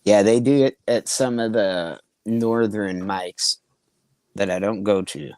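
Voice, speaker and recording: A man's voice: fairly low pitch, takes it slowly, a little mellow, no room sound. Profane storytelling man, dry sound. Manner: profane, rambling anecdotes with acted-out quotes. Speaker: comedian, podcast co-host. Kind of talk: casual storytelling chat.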